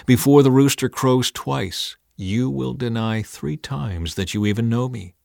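A man voicing a solemn, measured teacher. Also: mid-range voice, vocal fry, a little mellow, no room sound, studio quality. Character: calm adult male teacher, solemn prophet.

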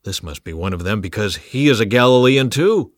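A man's voice: on the low side, lively intonation, brisk, no echo, clean studio sound, natural voice. A man voicing insistent bystanders who accuse someone in raised voices, in a scripture reading. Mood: accusing.

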